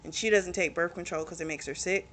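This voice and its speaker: A woman's voice: on the low side, quick pace, a bit bright. Chatty woman recapping a book. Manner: chatty, swears freely, many fillers. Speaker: book reviewer.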